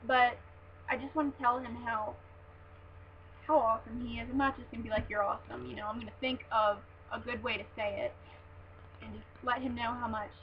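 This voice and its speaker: A young woman with a high voice gushes about a book like an excited fan, tripping over her words and filling them with "like." The sound is dull and lo-fi, with a faint hiss underneath, like a home webcam recording. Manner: gushing, excitable fan talk with many "like"s and restarts. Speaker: vlogger reviewing a book. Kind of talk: casual book review vlog.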